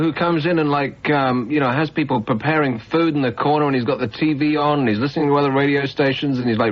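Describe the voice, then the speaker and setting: Male late-night radio host, husky, sarcastic and teasing, on a dull old radio recording. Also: mid-range voice. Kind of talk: late-night phone-in banter. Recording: dull 1990s radio broadcast.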